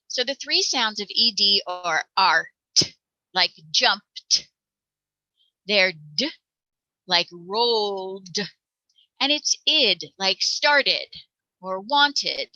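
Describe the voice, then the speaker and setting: A woman presenting a phonics lesson for parents, encouraging and demonstrating each sound out loud. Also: mid-range voice, no room sound, poor audio. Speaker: teacher presenting a parent workshop.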